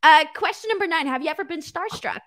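A woman's voice: very high voice, animated, fast talker, fairly bright tone. A woman hosting an interview, agreeing readily and working through numbered questions in a casual chat.

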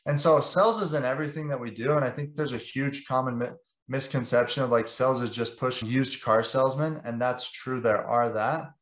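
A man's voice: medium pitch, fairly quick, a bit bright, echoey room. A young man, a sales director, talks passionately and at length in a casual podcast interview, filling his sentences with "like". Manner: passionate, rambling with many "like"s.

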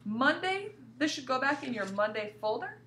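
A woman elementary teacher with a bright, ringing, slightly high voice takes young pupils through a recorded grammar lesson, with a little hiss or hum in the background. She reads example sentences with exaggerated, deliberate pauses, her pitch swinging widely. She keeps a lively tone, constantly coaxing the class with questions.

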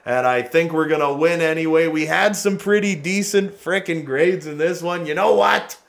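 A man giving lively, excitable gameplay commentary as a gaming channel host, trash-talking players and laughing often. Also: fairly high pitch, normal speed, vocal fry. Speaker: gaming YouTuber.

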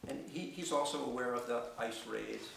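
Halting man telling a story in a theater. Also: mid-range voice, vocal fry, noisy background. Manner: halting, many restarts and filler words. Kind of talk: personal storytelling on stage. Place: theater stage. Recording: echoey theater from far off.

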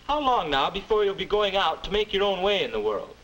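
A young adult man with a high voice speaks briskly on a low-quality recording, playing the boy's friendly future self in a 1950s educational film about manners. As narrator and guide, he's earnest, instructive, and lively.

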